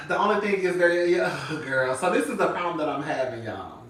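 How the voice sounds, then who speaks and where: A man with a slightly high, somewhat bright voice and lively intonation speaks at a moderate pace. The flamboyant, sassy vlogger chats to his viewers, constantly calling them "girl" and "honey" and bursting into singing and laughter. He's far from the mic in an echoey room.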